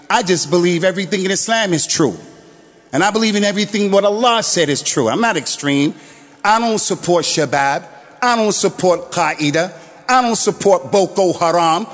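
A man preaching a sermon, his voice sitting high for a man. He tells his story with animated delivery, then rises into shouted calls and rapid recitation, all ringing through a long reverberant hall. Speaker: imam giving Friday sermon. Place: mosque prayer hall.

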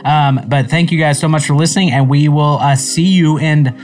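A man hosting a podcast in casual chat, animated and rambling, quick to laugh. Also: a little high, faint music behind. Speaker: podcast host.

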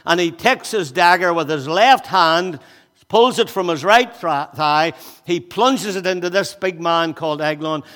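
A man's voice: fairly high pitch, pushed and bright, big-room sound. A man preaching a sermon with energy and a chatty way of talking, slightly out of breath, with jokes and asides to the congregation. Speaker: pastor.

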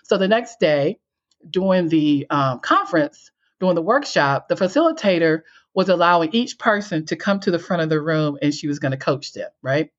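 A woman with a low, lively voice telling her story to an interviewer, acting out her past lines. The audio is dull and lo-fi. She laughs as she goes and swings her pitch widely. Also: normal speed. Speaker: guest, coach and speaker.

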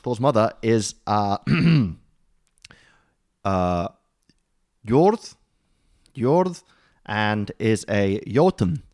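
A man's voice: lowish voice, lively intonation, drawn-out words, long pauses, darkish tone, dry recording, studio quality. A man co-hosting a podcast in a loose, joking way, with many ums and uhs and casual swearing. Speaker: podcast co-host explaining mythology.

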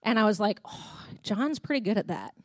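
A woman's voice: mid-range voice, animated, normal speed, no room sound. A woman with a Canadian accent preaching a sermon in a church, telling stories in a chatty way and acting out conversations. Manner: chatty storytelling, reenacting conversations.

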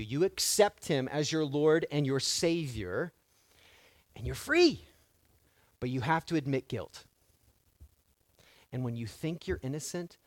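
Male pastor mid-sermon; animated, rises to forceful exhortation and drops to quiet asides; fairly high, very expressive voice. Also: dry recording. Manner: animated, swings between loud emphatic declarations and quiet asides; repetitive exhortation, direct address to congregation.

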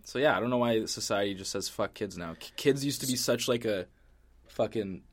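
Male podcast co-host, casual chat, relaxed delivery, lowish voice, swears freely. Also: fairly quick.

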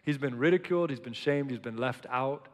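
Male preacher, casual and emphatic, swings quiet to loud, mid pitch, hall reverb. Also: fairly quick. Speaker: pastor. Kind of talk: casual sermon.

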